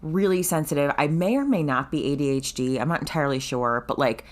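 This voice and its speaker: A woman's voice: low-pitched, a little fast. A woman in her thirties co-hosting a book podcast, telling stories in casual chat with frequent swearing and laughter. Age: 30s. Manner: animated, swearing, laughing storyteller. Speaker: podcast co-host.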